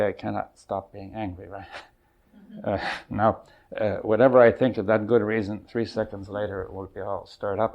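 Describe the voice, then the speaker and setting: An older man leading a seminar, thinking aloud in a halting, searching way and often checking in with his listeners. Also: lowish voice, vocal fry, a little mellow, highs cut off. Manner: thoughtful, halting, often checks in with "right?" and "you see". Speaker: seminar leader. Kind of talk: exploratory seminar talk. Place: seminar room.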